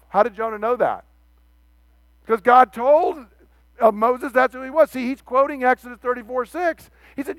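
Guy preaching a sermon, high voice, acts out the quotes, super dry sound. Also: normal speed, no echo. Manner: animated, dramatic voicing of quoted speech.

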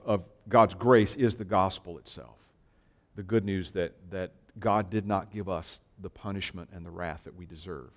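A man preaching a sermon, telling family stories in a conversational, self-deprecating way. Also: on the low side.

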